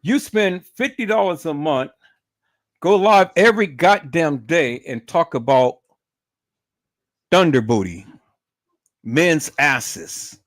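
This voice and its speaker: A man's voice: fairly high pitch, lively intonation, slow pace, pauses often, dry recording, clean studio sound. A man ranting on a live stream, swearing heavily and stumbling over repeated words as he gets heated. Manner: profane, repeats words and restarts when worked up. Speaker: livestreamer.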